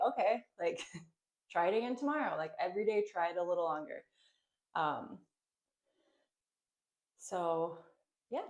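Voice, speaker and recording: A woman teaching a yoga class, talking casually with many fillers and light laughs. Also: mid-range voice. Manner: chatty, with many ums and likes, laughing lightly.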